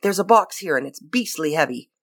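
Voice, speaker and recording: A woman voicing a breezy, playful upper-class English gentleman detective with a clipped, teasing delivery. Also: sits low, lively intonation, a little fast, full character voice. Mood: jaunty.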